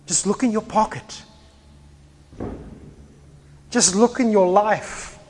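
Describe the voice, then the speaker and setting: A man preaching a sermon as pastor, animated, acting out little scenes and swinging between quiet and loud. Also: high voice, slow, long reverb tail, a little hiss or hum. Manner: animated, acts out little scenes with shifting volume.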